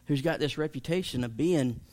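A man's voice: on the high side, fairly quick, a little mellow. A man, a pastor teaching an evening Bible study in a chatty, emphatic way that jokes with listeners.

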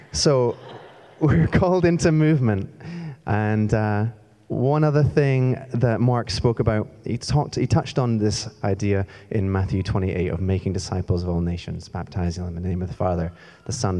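A man's voice: deep voice, steady tone, normal speed, few pauses, dark tone. A young man from Scotland giving a chatty, self-deprecating sermon in a church, moving around as he talks. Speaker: church staff member preaching. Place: church hall. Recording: long hall reverb.

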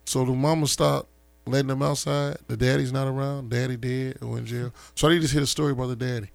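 A man in casual conversation, telling animated neighborhood stories in loose street slang and laughing through them. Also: medium pitch, fast talker, dry recording. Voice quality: gravelly. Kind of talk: casual storytelling chat.

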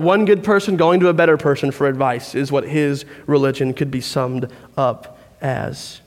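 Male pastor, fairly high voice, lively conversational sermon, reverberant church hall. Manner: conversational, animated storytelling.

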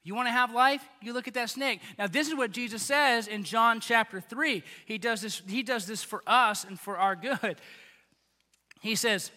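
A man with a very high, bright voice preaches a sermon. He talks in a chatty, animated way. His voice rings out with the long reverb of a big hall. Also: normal speed. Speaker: pastor.

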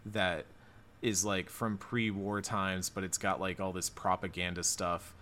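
A man with a very low voice talks through a game on a casual podcast. He rambles in a relaxed way and fills his pauses with ums and likes. A faint hiss sits under his voice. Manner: relaxed, thinking aloud with many fillers.

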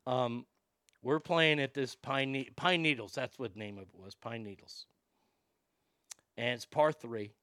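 A man casually telling a profane, animated anecdote and often laughing as he talks. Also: mid-range voice, dry recording, clean studio sound.

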